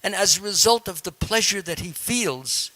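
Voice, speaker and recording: A man's voice: sits high, expressive, normal speed, bright, forceful tone. A man, a swami, giving a devotional scripture class in a temple hall, explaining step by step in a conversational way and putting questions to his listeners.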